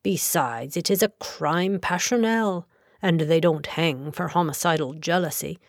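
A woman's voice: on the low side, unhurried, no room sound, studio quality. A woman voicing a grey-bearded senior male solicitor, loyal and curt, in an audiobook. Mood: earnest. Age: older. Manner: curt, earnest.

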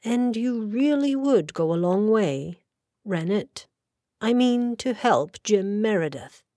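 A woman's voice: mid-range voice, lively intonation, slow pace, warm tone, dry recording, clean studio sound, pitched above the performer's own voice. A woman voicing a brusque young male lawyer who speaks rudely and sardonically, in an audiobook. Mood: thoughtful. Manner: blunt, sardonic.

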